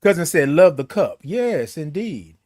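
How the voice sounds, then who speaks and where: A playful, flamboyant man hosts a morning livestream, his voice sitting high for a man. He chats loosely with viewers and drags his greetings out long. The sound is close and dry, with no room echo. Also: sing-song, unhurried, mellow. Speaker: host of a morning livestream show. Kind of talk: casual livestream chat reading viewer comments.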